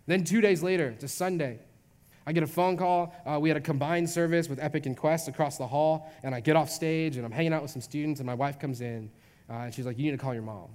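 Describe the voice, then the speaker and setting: Young guy pastor telling a story, kinda high voice, lots of "like", big echoey hall. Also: quick pace, a little mellow. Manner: casual, chatty, lots of "like". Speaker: youth pastor. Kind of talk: storytelling sermon. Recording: long hall reverb.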